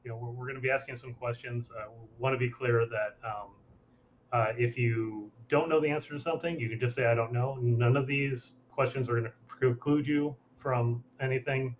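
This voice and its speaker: A man's voice: medium pitch, steady tone, moderate pace, close to an everyday voice. A man playing an interviewer in a role-play, talking in a rambling way full of fillers. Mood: explaining. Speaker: interviewer, legal official. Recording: slightly dull sound, faint noise.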